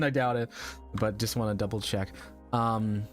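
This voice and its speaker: A man's voice: lowish voice, fairly even intonation, normal speed, soft background music. A young adult man chatting casually to his viewers during a live game stream, rambling and laughing often, his voice a little strained. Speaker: VTuber streamer.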